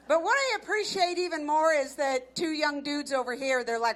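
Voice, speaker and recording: This live club recording, complete with audience noise, captures a brash, self-mocking stand-up comic in her fifties working the crowd with a handheld mic. Her high, fairly bright voice has lively intonation, and she talks at a normal speed with few pauses.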